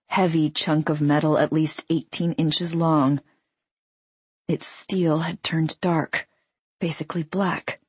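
A woman reading a first-person audiobook in a measured, unhurried storytelling manner. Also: low voice, a little mellow, breathy edge, no echo. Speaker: audiobook narrator.

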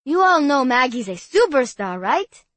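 A woman's voice: sits high, big pitch swings, moderate pace, a bit bright, dry recording, voice pushed up, heavily acted. A woman voicing a sweet, overexcited young boy who gushes in a breathless, sing-song way. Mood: gushing.

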